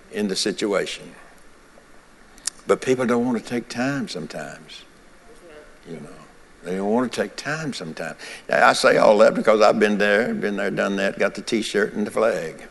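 A man with a low voice preaches a sermon in a church, his words trailing into a long, ringing reverb. He talks in a rhythmic cadence and repeats his key lines over and over. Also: normal speed, creaky. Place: church sanctuary.

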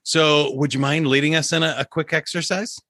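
A man's voice: fairly high pitch, fairly even intonation, fairly quick, bright, forceful tone, dry recording, clean studio sound. A man hosting a casual podcast interview, speaking in a friendly, encouraging way. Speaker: podcast host.

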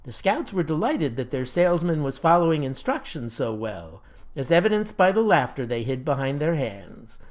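A man narrating a comic story in a folksy, deadpan manner. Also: on the high side, moderate pace.

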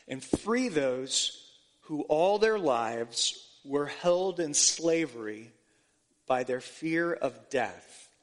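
Male pastor, high voice, sermon, fervent questions, long reverb. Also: fairly bright tone. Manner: rising to fervent emphasis, asks the congregation questions; restarts and stumbles on words.

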